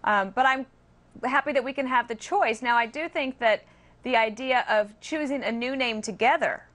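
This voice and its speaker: A woman's voice: on the high side, moderate pace, a bit bright. A woman guest on a late-night panel, speaking in a thoughtful, hesitant way in a TV studio. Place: television studio.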